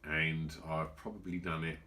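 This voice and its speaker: A man's voice: rumbling low, level tone, moderate pace, bright, forceful tone, slight background noise. A man co-hosting a podcast, telling a story in rambling casual chat. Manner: rambling storytelling, acts out quotes. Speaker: podcast co-host.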